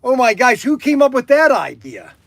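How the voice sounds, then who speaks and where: A man from Ohio, hosting a livestream, talking excitedly and stammering with gushing enthusiasm. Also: very high voice, moderate pace, gravelly, dry recording. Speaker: livestream host. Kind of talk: casual phone chat. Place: workshop.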